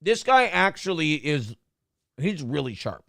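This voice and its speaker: A man's voice: on the high side, big pitch swings, a little slow, vocal fry, pushed and bright, no room sound, clean studio sound. A man hosting a casual show, joking crudely, laughing often and reading viewer chat messages aloud. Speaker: morning show host.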